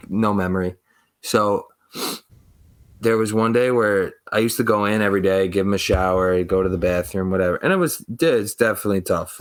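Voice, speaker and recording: A young man with a somewhat low voice tells a story on a casual podcast. He rambles, swears freely, and acts out the people he quotes. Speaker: podcast co-host.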